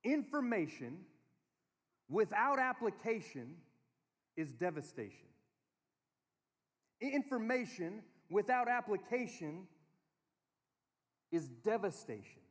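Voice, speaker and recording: A man preaching to a conference crowd, telling family stories in an animated way and giving the room instructions. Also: high-pitched, slow, pauses often. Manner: storytelling, animated, quotes his kids in a small voice. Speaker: speaker. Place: large hall. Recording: long hall reverb.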